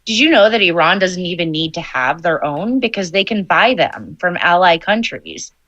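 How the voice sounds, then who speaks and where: Low-voiced woman hosting a heated panel. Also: animated, normal speed, a bit bright, no echo, lo-fi sound. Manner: persistent, explains facts, soothes the other speaker. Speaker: host of a live political debate panel. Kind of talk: heated political panel debate.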